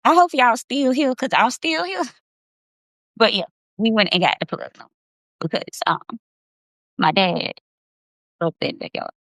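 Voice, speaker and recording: A woman's voice: a little high, very animated, measured pace, pauses often, fairly bright tone, dry recording. A woman of about thirty hosting a casual livestream, talking in an emphatic, impassioned way and swearing freely. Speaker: livestream host.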